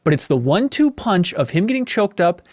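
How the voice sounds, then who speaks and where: A man hosting an interview in casual conversation, enthusiastic with quick asides. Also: sits high, big pitch swings, a little mellow, no room sound, clean studio sound. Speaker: interviewer host.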